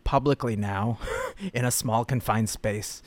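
A man's voice: on the low side, measured pace. A young man co-hosting a podcast, chatting casually and reading posts aloud in a playful way. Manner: playful, reads posts aloud, laughs often. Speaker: podcast co-host. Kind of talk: casual chat.

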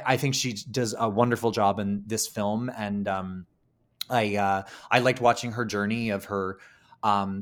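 A fairly low-voiced man talking on a podcast, chatty and loose. He fills his sentences with "like" and "um" and drops the occasional curse, in a relaxed, unscripted conversation about movies. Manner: chatty, heavy on "like" and "um", casual swearing. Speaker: podcast co-host. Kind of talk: casual film discussion.

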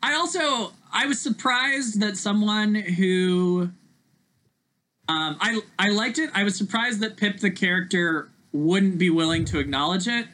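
A man's voice: high voice, a little slow, sharp tone, low-quality recording. A man in his thirties chatting casually as a podcast guest, rambling with plenty of fillers. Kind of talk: casual chat.

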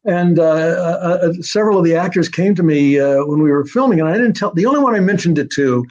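A man's voice: a little high, lively intonation, brisk, darkish tone. An older man, a screenwriter guest, tells stories in a rambling way, with many fillers and restarts, and sometimes taps out a rhythm aloud. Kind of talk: anecdotal storytelling interview. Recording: dull lo-fi sound.

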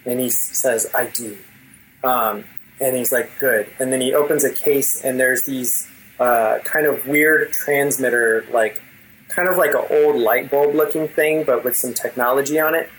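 A man's voice: mid-range voice, steady tone, moderate pace, a bit bright, rough recording. A man narrates a tabletop role-playing game as its game master. He tells the story loosely, with plenty of ums and likes. There is a faint noise behind him. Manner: loose, filler-heavy storytelling.

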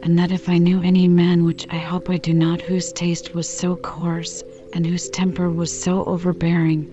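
A woman reading the part of a mild, fussy older male banker, polite and measured, in a dull lo-fi recording with music behind. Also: on the low side, mellow, lightly acted.

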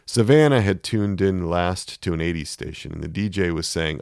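A man narrating a story in a measured, emotive reading. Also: sits low, gravelly, a little mellow, no room sound, clean studio sound.

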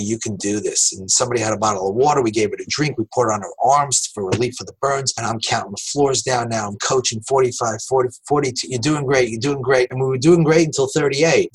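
A middle-aged man, telling his story in an interview and acting out the dialogue in lively fashion. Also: mid-range voice, slightly rough, poor audio.

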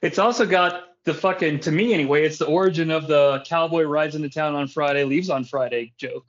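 A man's voice: fairly high pitch, brisk. A man hosting a podcast in casual chat, rambling and swearing often, laughing between thoughts. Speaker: podcast host. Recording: dull lo-fi sound.

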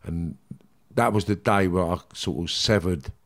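A man's voice: deep voice, measured pace, fairly bright tone. A man, a guest in an interview, telling his story intensely, repeating himself, blunt and swearing. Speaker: guest, former criminal.

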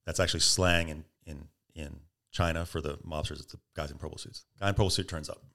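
Man, very low voice, casual storytelling, acts out the quotes. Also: steady tone, a little fast, pushed and bright. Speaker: podcast guest.

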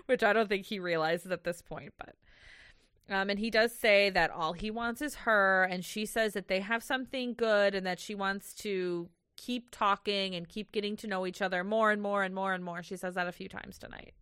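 A woman's voice: mid-range voice, fairly even intonation, normal speed, fairly bright tone, clean tone, dry recording, studio quality. A young woman co-hosting a podcast, recapping scenes in chatty run-on sentences and giggling often. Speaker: podcast co-host. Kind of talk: casual recap chat.

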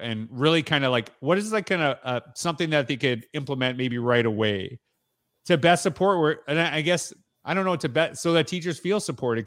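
A man's voice: mid-range voice, fairly bright tone, dry recording. Man, podcast host, rambling, hedging, restarts, dry sound. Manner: rambling, full of hedges and restarts. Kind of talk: conversational interview.

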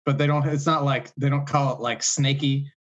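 A player in a tabletop game who cracks quick jokes and puns in a casual way. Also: mid-range voice, fairly even intonation, dull audio, background noise.

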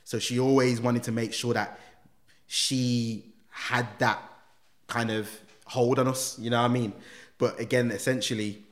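A man, a guest in a podcast interview, telling his life story in street slang with lively quoted dialogue. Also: mid-range voice, a little slow. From England. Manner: street slang, animated retelling with acted quotes. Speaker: guest, reformed gang member.

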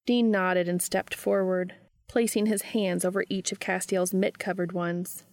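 A woman reading a story aloud in a calm, even storytelling manner, close to the mic. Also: on the low side, measured pace, dry recording. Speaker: reader. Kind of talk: reading fan fiction aloud.

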